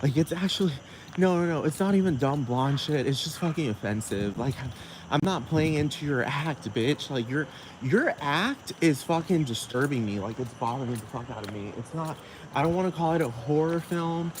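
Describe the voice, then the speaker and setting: A man's voice: fairly high pitch, animated, normal speed. Ranting man outdoors by traffic. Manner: ranting, profane, filler-heavy with frequent "like". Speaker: podcast host. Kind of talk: casual rambling monologue. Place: outdoors near a road with passing traffic. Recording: loud outdoor traffic noise. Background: cars and street traffic.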